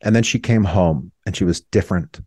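A man's voice: deep voice, a little fast, darkish tone, breathy edge, no room sound. Earnest man telling a painful story. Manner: earnest, reflective, voice breaking with emotion at times. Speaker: interview guest. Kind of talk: emotional personal storytelling.

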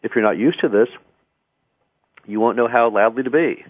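A man hosts a radio talk show, chatting through advice on public speaking and frequently restarting words. His voice sits at medium pitch with a normal pace and a slightly rough edge, without echo, and the audio has a tinny, phone-like radio quality.

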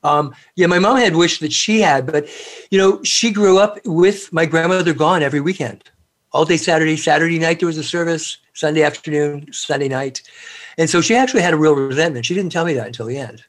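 Chatty man telling stories, slightly high voice. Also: brisk. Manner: rambling, chatty, with many fillers and laughs. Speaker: guest. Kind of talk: casual storytelling interview.

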